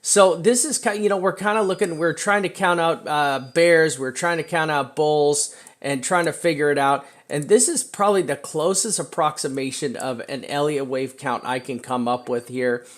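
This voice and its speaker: A slightly high-voiced man talks through trading charts at his desk in a loose, casual way. He piles on fillers and keeps checking in with "right?", and he slows down to hammer home his warnings. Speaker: crypto chart analyst.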